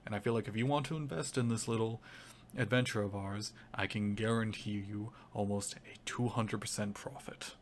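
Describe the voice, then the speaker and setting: A man voicing a fat, scheming crocodilian crime lord in a tabletop game, with an Irish accent and a smooth, wheedling sales patter. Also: lowish voice, steady tone, moderate pace, slight background noise, close to an everyday voice. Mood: persuasive.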